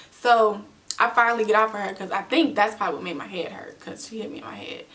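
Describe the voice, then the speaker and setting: Young woman doing a storytime vlog, lively and slangy, mic a bit far off. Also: medium pitch, brisk. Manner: animated, acts out quotes with slang. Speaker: vlogger.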